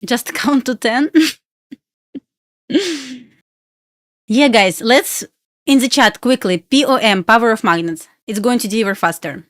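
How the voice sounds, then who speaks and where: A woman's voice: on the high side, unhurried, pauses often, fairly bright tone, dry recording, clean studio sound. A young woman with a Russian accent chatting on a live trading stream, pleading with the chart and laughing often. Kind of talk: casual live-stream chat.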